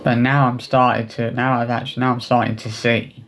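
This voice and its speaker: A man talking straight to his viewers in a personal vlog, upset and remorseful, with halting speech full of restarts and fillers. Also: mid-range voice, level tone, fairly bright tone, a little hiss or hum. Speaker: vlogger.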